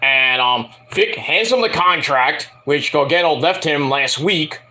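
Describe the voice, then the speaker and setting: A man talks through a wrestling review in a loose, rambling way, full of fillers and hesitations. His voice is fairly high and bright. It swings up and down a lot, and he often breaks into profane rants. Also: animated, a little slow.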